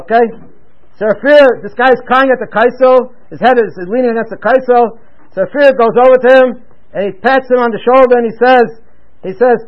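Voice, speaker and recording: Very high-voiced man telling a religious tale. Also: fairly even intonation, normal speed, highs cut off. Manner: rambling, with many restarts and Hebrew-Yiddish terms. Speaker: storyteller giving a religious talk. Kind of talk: loosely told religious story.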